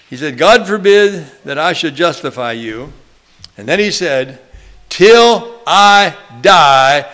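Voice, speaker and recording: A man's voice: fairly high pitch, fairly bright tone. A man preaching a sermon, quoting scripture in old-fashioned phrasing and drawing out phrases for emphasis as he leads the congregation in repeating a line. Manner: drawn-out emphatic phrases, leads call-and-response.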